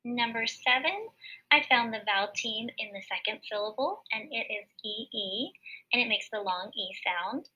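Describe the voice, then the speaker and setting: A woman teacher giving a recorded word study lesson for children, patiently sounding out syllables slowly and clearly. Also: a little high, bright, forceful tone, dull audio.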